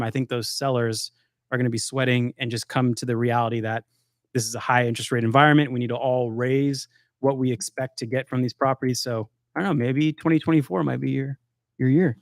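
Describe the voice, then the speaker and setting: Male co-host, blunt and profane, mid-pitched voice, dry room. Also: steady tone, a little fast, no echo. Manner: blunt, swears freely, opinionated. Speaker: podcast co-host. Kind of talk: casual chat.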